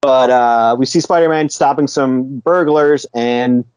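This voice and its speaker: A man's voice: mid-range voice, unhurried, a little mellow, smooth, no echo. A man co-hosting a podcast, retelling a comic book story in loose, casual chat, chuckling often and swearing now and then. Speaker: podcast co-host.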